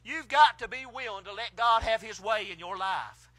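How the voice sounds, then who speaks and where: A man preaching a fiery country sermon at a drive-in church, swinging from hushed asides to shouted praise. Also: high voice, moderate pace, no room sound, soft background music. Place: outdoor drive-in church service.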